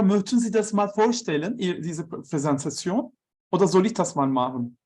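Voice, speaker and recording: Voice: medium pitch, lively intonation, a little fast, darkish tone. A conference participant on a video call, talking hesitantly and switching between German and English while trying to reach a missing speaker. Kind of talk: unscripted chat on a video call.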